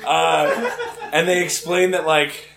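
A man's voice: fairly high pitch, flat delivery, takes it slowly, creaky, echoey room, crowd noise. A young man from Virginia doing stand-up, telling a story in a rambling way with many restarts and laughing at his own jokes. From Richmond, Virginia. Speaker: stand-up comedian. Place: live comedy venue.

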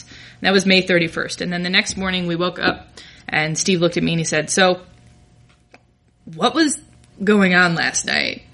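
A woman's voice: fairly low pitch, a bit bright. A young adult woman telling a candid, self-deprecating personal story, often laughing through her lines.

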